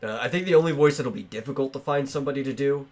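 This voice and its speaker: A man's voice: mid-range voice, rapid-fire, darkish tone. A man hosting a casual podcast, talking loosely with lots of fillers and restarts. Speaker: podcast host.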